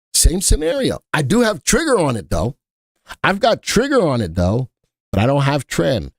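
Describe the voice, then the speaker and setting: A man's voice: a little high, dry recording, clean studio sound. A man hosting a live stock market stream, chatting casually and thinking aloud as he works, often repeating himself.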